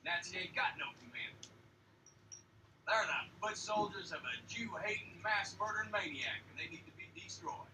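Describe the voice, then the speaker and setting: A man's voice: high voice, expressive, normal speed, bright, forceful tone, slight background noise, full character voice. An actor playing a tough Southern American army lieutenant who drawls and swaggers as he rallies his men, with a Southern accent. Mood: gruff. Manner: drawling, gruff, swaggering speech. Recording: film clip played in an echoey room from far off.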